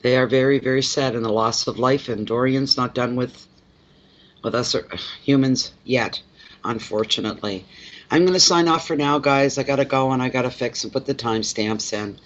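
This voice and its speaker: A man's voice: medium pitch, normal speed, fairly bright tone. Chatty man on a lo-fi live stream. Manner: chatty and rambling, repeats words, greets viewers by name. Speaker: tarot reader hosting a live stream. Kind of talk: casual live-stream chat with viewers. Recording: slightly dull lo-fi audio.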